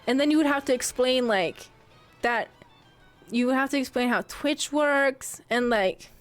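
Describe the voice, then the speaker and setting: A woman's voice: high-pitched, measured pace, faint music behind. A young woman streaming, chatting casually with her viewers, giggling often as she reads and answers chat.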